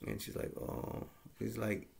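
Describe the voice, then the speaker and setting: A man's voice: on the low side, completely flat delivery, unhurried, gravelly, a little hiss or hum. A man casually recapping a movie plot in a rambling, plain-spoken way with lots of fillers. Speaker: movie reviewer.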